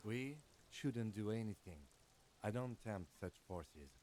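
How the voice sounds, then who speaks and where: Man doing a cautious calm partner, lowish voice, dark mellow tone, quiet and measured.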